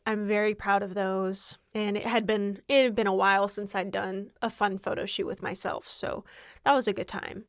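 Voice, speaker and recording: On a clean studio recording with no echo, a young woman with a smooth, medium-pitched voice hosts her podcast in a casual, candid way. She sounds worn out, rambling along and laughing frequently.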